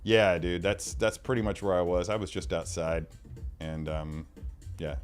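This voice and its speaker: Low-voiced guy chatting on his livestream, reading comments, repeats stuff, mumbles asides, faint music behind. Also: steady tone, a little slow. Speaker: livestream host.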